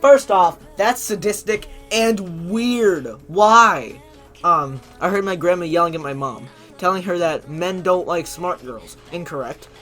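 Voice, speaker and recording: Man, high voice, sarcastic commentary, laughing, faint music behind. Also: unhurried, fairly bright tone. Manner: sarcastic, incredulous, laughs often. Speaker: commentary YouTuber. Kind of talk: reading and mocking online posts.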